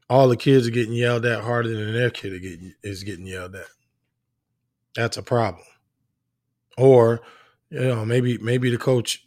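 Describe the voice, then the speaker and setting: A man's voice: medium pitch, dry recording. Earnest rambling man, dry close sound. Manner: earnest, rambling with frequent restarts. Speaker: parent of young athletes. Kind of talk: casual monologue.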